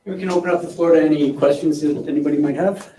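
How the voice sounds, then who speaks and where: A man's voice: on the high side, fairly even intonation, fast, mellow, a little hiss or hum, low-quality recording. A man, a police official, answering reporters' questions at a press conference in a plain, matter-of-fact way.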